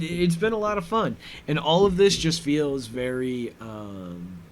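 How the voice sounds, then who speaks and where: A man casually recapping a TV episode, rambling with many fillers and slipping into quick quoted voices. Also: mid-range voice, slight background noise. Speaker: commentary host.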